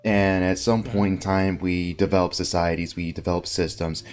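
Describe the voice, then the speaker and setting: A man's voice: deep voice, level tone, moderate pace, faint music behind. A man hosting a casual podcast chat, rambling with lots of fillers and restarts. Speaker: podcast host.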